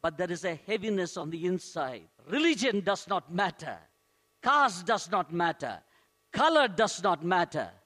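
Male pastor, very high and bright voice, earnest sermon with emphatic repetition.

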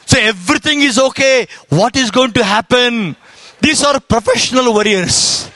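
A man with an Indian accent preaching a sermon, telling humorous stories and acting out the people he quotes, with bursts of shouting. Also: extremely high pitch, moderate pace. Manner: storytelling, quoting others in acted voices, bursts of shouting.

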